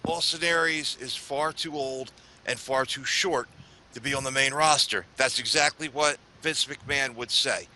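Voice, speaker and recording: A man's voice: mid-range voice, normal speed, bright, forceful tone. A man on a casual wrestling panel, arguing his point emphatically.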